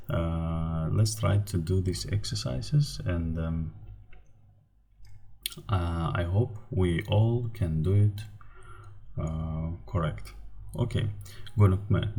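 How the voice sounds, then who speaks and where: A man with a Turkmen accent gives a slide-based grammar lesson in a low, unhurried voice. His tone is mellow and dark. He pauses often, fills gaps with small hesitations, and breaks words into syllables carefully. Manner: hesitant, many fillers and restarts, spells out syllables slowly. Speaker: language teacher.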